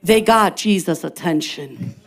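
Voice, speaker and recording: A woman pastor preaching a sermon to her congregation, impassioned and building to shouted, repeated refrains. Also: fairly low pitch, a little slow. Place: church service with responding congregation.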